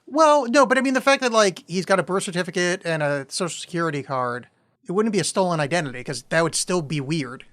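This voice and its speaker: A man co-hosting a podcast who trades quick jokes and puns in a casual movie review chat. His voice sits high for a man and leaps around in pitch as he talks. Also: animated, fairly bright tone. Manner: jokey, quick with puns and asides. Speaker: podcast co-host.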